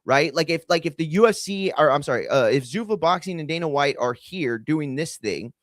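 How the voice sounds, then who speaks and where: A man's voice: fairly high pitch, expressive, fairly quick, a bit bright, dry recording. A man hosting a combat sports show, ranting in a heated, profane, rambling way with lots of fillers. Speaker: combat sports podcast host. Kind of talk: casual opinion rant.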